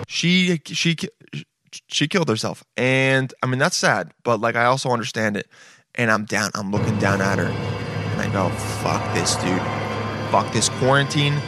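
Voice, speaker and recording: A man in his late twenties giving casual reaction commentary, swearing often and saying "dude" all the time. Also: medium pitch. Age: late 20s. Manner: laid-back, swears often, says "dude" constantly. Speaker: video reactor. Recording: music playing behind the voice.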